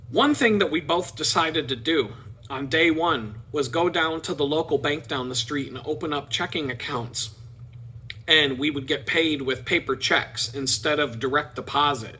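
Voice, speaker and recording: A middle-aged man telling a personal story on his vlog, animated and playful. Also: a little high, slight background noise. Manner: animated, playful, mimics people in quotes. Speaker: vlogger.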